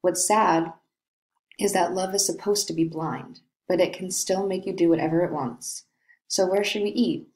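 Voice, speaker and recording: A woman reading the part of a brooding, lovesick young nobleman in a play, in a slow, dreamy way. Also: lowish voice, fairly even intonation, a little mellow, lightly acted, low-quality recording. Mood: wistful.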